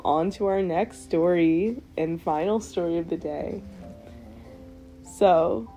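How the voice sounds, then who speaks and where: A young woman hosting a podcast, telling her stories in a casual, animated way with frequent swearing and laughter. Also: fairly low pitch. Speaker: podcast host. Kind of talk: casual storytelling.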